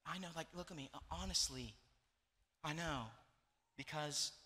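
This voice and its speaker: Young male pastor, slightly high, bright voice, emotional repetitive sermon delivery, reverberant hall. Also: unhurried. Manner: emotional storytelling, repeating phrases for emphasis.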